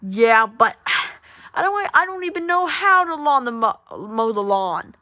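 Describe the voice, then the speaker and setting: A woman's voice: big pitch swings, bright, forceful tone, full character voice. A woman voicing Nightmare, a lazy gamer boy who whines and complains about his chores. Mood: sulky. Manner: whiny, complaining, high and fast.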